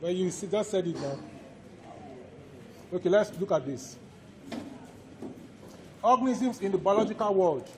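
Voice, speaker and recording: A man with a Nigerian accent, lecturing a class and slowly repeating each point for students to write down. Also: sits high, animated, background noise. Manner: quizzes students directly. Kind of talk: classroom lecture, dictating notes. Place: lecture hall.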